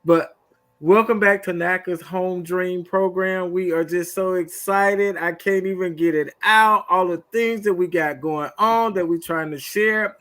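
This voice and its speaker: A high-voiced man co-hosts a talk show. He is bubbly and keeps tripping over his words in excitement. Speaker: co-host. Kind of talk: excited show opening banter.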